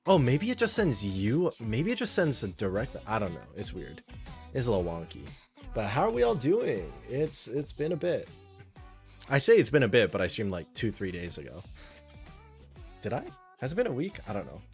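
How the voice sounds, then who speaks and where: A man's voice: mid-range voice, huge pitch swings, moderate pace, darkish tone, soft background music. A man streaming a game live, chatting casually with viewers in a rambling, friendly way and reading chat aloud.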